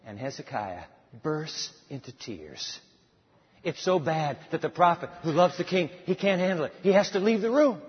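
High, husky man preacher; dramatic sermon storytelling; reverberant hall. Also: fairly quick, hardly any pauses. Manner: dramatic storytelling with sudden asides. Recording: dull sound with long hall reverb.

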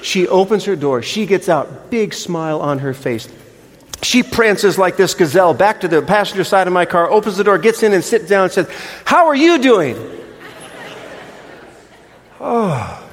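An older man preaching a sermon, telling a story in an animated, chatty way with frequent restarts. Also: on the high side. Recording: long reverb of a large hall.

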